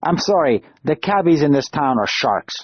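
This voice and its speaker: A man's voice: fairly high pitch, very animated, normal speed, slightly rough, no echo, muffled recording. A man doing an affable, apologetic lawyer. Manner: chatty, apologetic, laughing. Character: chubby affable middle-aged male lawyer, apologetic.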